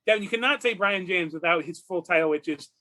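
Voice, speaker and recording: A man in his forties from California, co-hosting a movie podcast, rambling excitedly and laughing often. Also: high-pitched, fast. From Redlands, California. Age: 40s. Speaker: podcast co-host. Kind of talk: casual movie podcast chat.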